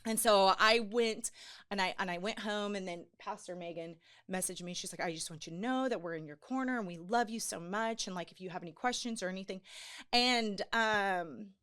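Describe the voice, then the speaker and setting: A woman's voice: mid-range voice, fairly quick, clear, resonant tone. Earnest woman telling her story. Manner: earnest, animated storytelling with many fillers. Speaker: podcast guest. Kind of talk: personal testimony in casual chat.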